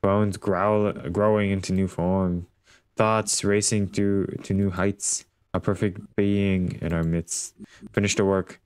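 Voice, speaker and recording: A man's voice: low voice, level tone, slow, a little mellow, clean tone, dry recording. An actor playing a sinister male master figure in a game, speaking in an intoning, ritual-like way. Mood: solemn. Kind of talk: game character dialogue.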